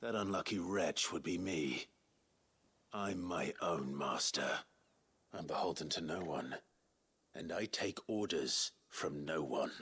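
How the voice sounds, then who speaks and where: A stern warrior in a game cutscene, speaking in short, hard lines. His voice is very deep and heavily raspy. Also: slow pace, fairly bright tone, full character voice. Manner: low, terse and stern. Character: gruff, stern grown warrior. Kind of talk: video game cutscene acting.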